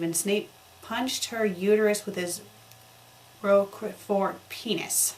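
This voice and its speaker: A woman reading a fan story aloud for comedy, breaking off to mock its spelling and grammar in deadpan asides. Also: mid-range voice, takes it slowly. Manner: deadpan mocking commentary on spelling errors. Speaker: fanfic critic reading aloud.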